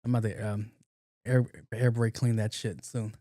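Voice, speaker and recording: A young man hosting a podcast, retelling a road-rage story in a profane, animated way with acted-out quotes. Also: on the low side, normal speed, dry recording, clean studio sound. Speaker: podcast host. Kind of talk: casual solo storytelling.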